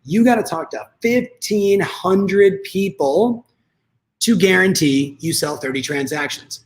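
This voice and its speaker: Male business coach, slightly high-pitched, energetic and conversational, addresses listeners directly. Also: slow pace. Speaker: real estate coach. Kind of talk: motivational coaching talk.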